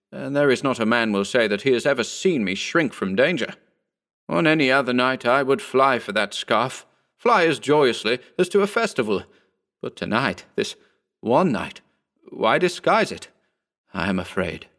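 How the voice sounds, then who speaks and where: A man's voice: mid-range voice, fairly bright tone, natural voice. A man reading a story voices an earnest, pleading young nobleman who is proud but fearful.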